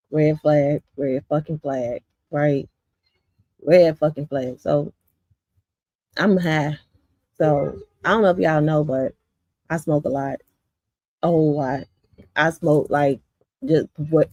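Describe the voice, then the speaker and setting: A woman's voice: low-pitched, a little mellow, dry recording. A woman from Chicago's south suburbs, a community vlogger, telling her viewers a story in a blunt, profane, rambling way with lots of fillers.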